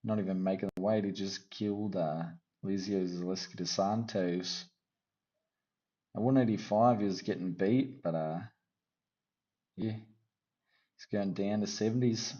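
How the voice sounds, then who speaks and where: A man with a lowish, mellow voice rambles through his fight picks in a loose, joking way. He keeps tacking "eh?" onto his thoughts, and the recording sounds dull and lo-fi. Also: a little slow, pauses often. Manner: rambling, jokey, tossing in "eh?" and "what can you do". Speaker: host of a fight prediction channel. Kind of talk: casual solo fight-pick commentary.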